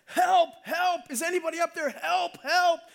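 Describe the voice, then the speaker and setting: A man voicing a terrified man hanging over a canyon, pleading and yelling frantically for help. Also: very high voice, fairly even intonation, a little slow, creaky, pitched above the performer's own voice, exaggerated voice. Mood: panicked yelling.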